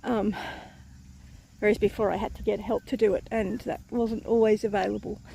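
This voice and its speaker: A woman's voice: mid-range voice, level tone, moderate pace, vocal fry, mellow, slight background noise. A woman vlogging outdoors on her farm, chatty and rambling, tired and a bit out of breath. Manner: chatty, rambling with fillers and self-corrections. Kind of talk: casual outdoor vlog.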